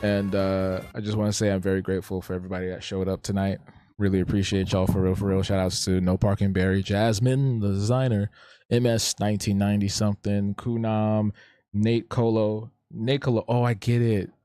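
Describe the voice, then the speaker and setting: Laid-back slangy man, lowish voice. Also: flat delivery, a little fast, mellow, smooth, dry recording. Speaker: live-stream host and artist. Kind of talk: casual live-stream chat.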